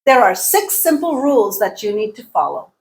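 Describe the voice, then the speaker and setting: A woman with a slightly raised voice gives a patient English pronunciation lesson. She says each example word several times, slowly and with clear stress, and checks in with the listener as she goes. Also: on the high side, very animated. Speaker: English teacher.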